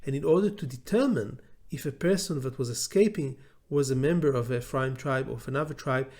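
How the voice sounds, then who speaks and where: A man's voice: medium pitch, fairly quick, darkish tone. A middle-aged man with an Israeli accent, a law professor giving an unscripted lecture, hesitant with many fillers and restarts.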